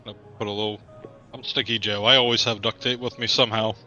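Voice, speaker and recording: A man playing a tabletop game, speaking in a laid-back, deadpan way. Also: lowish voice, fast talker, highs cut off, soft background music. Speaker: player. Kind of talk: tabletop role-play.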